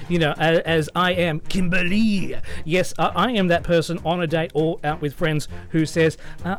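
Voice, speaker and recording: A man hosts a radio show in a chatty, easygoing way and laughs easily. His voice sits a little high. A faint music bed plays behind him. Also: moderate pace, few pauses. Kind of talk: casual radio chat.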